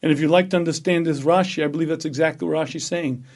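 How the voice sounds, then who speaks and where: A rabbi giving a Torah lecture, emphatic and full of rhetorical questions. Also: male voice, on the high side, fairly even intonation, quick pace, darkish tone.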